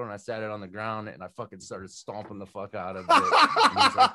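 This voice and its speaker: A man's voice: on the low side, sing-song, fast, few pauses, bright, forceful tone. A young man chatting casually on a podcast as a guest, swearing a lot, rambling and laughing through his stories. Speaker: music producer guest.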